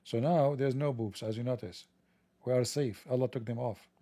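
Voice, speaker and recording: A man's voice: medium pitch, steady tone, normal speed, dark tone, no room sound. A man delivering a sarcastic, mocking satirical monologue.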